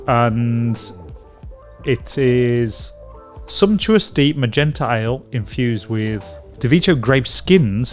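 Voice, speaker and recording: A man from England co-hosting a casual beer podcast, talking in halting stops and restarts. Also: mid-range voice. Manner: rambling, halting with many restarts and fillers. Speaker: podcast co-host. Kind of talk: casual chat.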